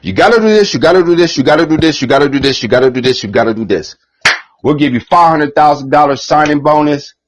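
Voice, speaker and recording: A man putting on the voice of a pushy, smooth-talking male record label dealer who rattles off rules in a husky voice. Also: a little high, animated, quick pace, a little hiss or hum, pitched above the performer's own voice, lightly acted.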